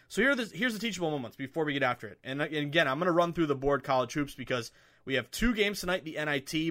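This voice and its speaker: A man hosting a sports betting podcast, chatting casually from home with lots of fillers and excitement. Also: a little high. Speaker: podcast host. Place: home room with window open.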